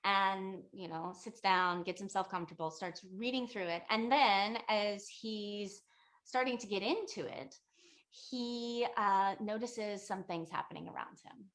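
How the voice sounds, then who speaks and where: A woman's voice: medium pitch, fairly even intonation, measured pace, fairly bright tone. Chatty woman telling a story to a class. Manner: chatty, loose, many fillers like "like" and "you know". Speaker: meditation and yoga teacher.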